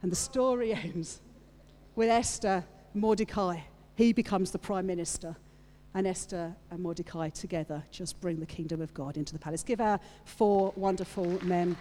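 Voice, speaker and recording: A woman's voice: fairly low pitch, normal speed. Woman preaching in a big hall. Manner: lively storyteller, playful asides. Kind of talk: sermon retelling a story to a congregation. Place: church hall with audience. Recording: long reverb of a large hall.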